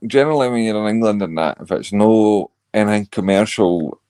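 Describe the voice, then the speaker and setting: Blunt Scottish man, lowish voice. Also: fairly quick, dark tone, smooth. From Scotland. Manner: blunt, sweary, ranting. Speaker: panel caller. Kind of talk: casual chat.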